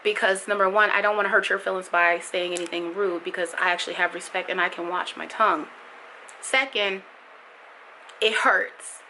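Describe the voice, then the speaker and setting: A woman's voice: mid-range voice, sharp tone, a little hiss or hum, low-quality recording. A young woman vlogging as a mother, talking frankly and emotionally straight to camera. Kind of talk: candid vlog monologue.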